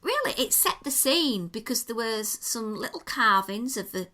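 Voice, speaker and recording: A woman's voice: on the high side, expressive, normal speed, sharp tone. A woman co-hosting a podcast, chatting her way through a restaurant review with detailed, enthusiastic description. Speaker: podcast co-host. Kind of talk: casual chat, restaurant review.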